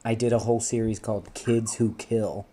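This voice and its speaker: Guy hosting a footy fan show, low dark voice, jokey and sweary, bit of faint hiss. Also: little pitch movement. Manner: laughing, swearing, quick asides. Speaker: host. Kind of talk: casual banter on a fan show.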